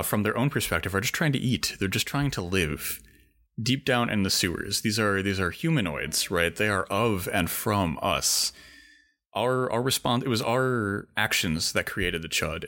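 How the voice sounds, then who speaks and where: Guy on a podcast doing fake-academic riffs, kinda low voice, bright edge. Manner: pompous mock-scholarly riffing, many restarts. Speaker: podcast co-host. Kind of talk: mock-academic podcast banter.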